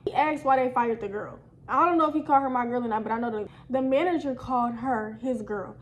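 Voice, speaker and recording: A woman's voice: on the high side, fast talker, slight background noise, low-quality recording. A young woman telling a storytime to her viewers in a casual, slangy way, talking to them directly. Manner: animated, slangy, addresses viewers as y'all. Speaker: storytime vlogger.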